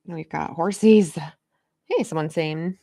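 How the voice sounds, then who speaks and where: A woman's voice: on the low side, takes it slowly, dark tone, no room sound, studio quality. A woman artist chatting casually to viewers on a live stream while she draws, greeting them by name. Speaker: comic artist streaming a drawing session.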